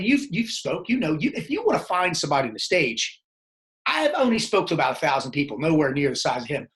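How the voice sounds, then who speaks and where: Man, middle-aged, swearing a lot, jumps between stories, slightly raised pitch. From Baltimore, Maryland. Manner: profane, rambling, animated storytelling. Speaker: podcast guest. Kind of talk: casual storytelling interview.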